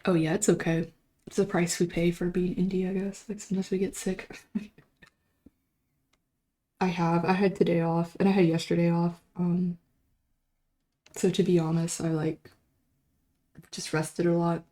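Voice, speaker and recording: Young woman rambling on her stream, chatty, bit low-voiced, throat kinda sore. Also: little pitch movement, normal speed, pauses often, warm tone. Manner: rambling, chatty, self-deprecating. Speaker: livestream host. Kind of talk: casual chat.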